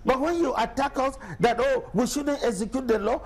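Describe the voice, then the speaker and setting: A middle-aged man from Nigeria, a state governor answering questions in a TV news interview, arguing forcefully with rhetorical questions. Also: very high-pitched, normal speed.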